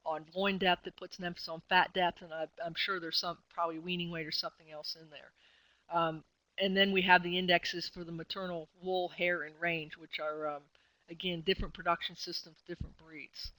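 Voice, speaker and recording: A woman's voice: fairly low pitch, flat delivery, a little fast, bright, forceful tone, no echo, rough recording. A woman presenting a webinar lecture, explaining things conversationally with frequent fillers and self-corrections. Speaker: extension specialist presenting a webinar.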